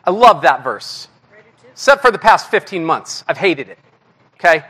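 Bright, high-voiced man preaching candidly. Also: moderate pace. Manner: candid, self-deprecating, animated. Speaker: guest preacher. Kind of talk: conversational sermon.

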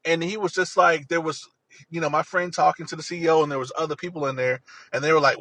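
A man's voice: on the high side, fairly even intonation, quick pace, bright, forceful tone, low-quality recording. A man telling a personal story in an earnest, rambling way, often repeating himself.

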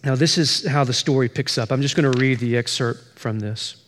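A man's voice: medium pitch, moderate pace, fairly bright tone, slight background noise. A man preaching as pastor, telling a story and pressing its point with emphatic repetition. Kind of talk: sermon.

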